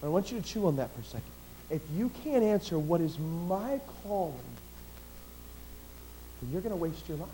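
A middle-aged man preaching a sermon, swinging between loud, emphatic declarations and quiet, personal storytelling, often repeating and restarting phrases. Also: a little high, animated, normal speed, long pauses, slight background noise, rough recording.

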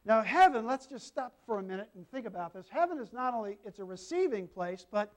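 This elderly grandfather, serving as pastor, preaches with a high, expressive voice and a brisk pace. Folksy, homespun stories fill his sermon, along with asides aimed at the congregation.

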